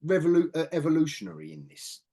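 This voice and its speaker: A man hosting a casual podcast chat, animated and joking, swearing freely. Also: fairly high pitch, fast. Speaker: podcast host.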